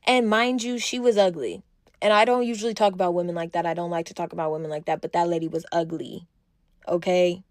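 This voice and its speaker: A young woman telling a storytime monologue in a blunt, animated way, acting out quotes. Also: medium pitch, brisk, no echo, clean studio sound.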